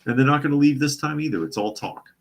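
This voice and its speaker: A man's voice: fairly high pitch, expressive, fast talker, creaky. A man hosting a casual news commentary show, sarcastic and often repeating his phrases for emphasis. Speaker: host.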